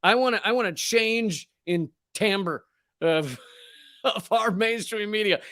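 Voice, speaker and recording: A man's voice: sits high, slow pace, sharp tone, no echo, studio quality. A male comedian hosting his show, ranting with profanity and sarcastic mockery. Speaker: comedian host. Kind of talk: ranting political commentary.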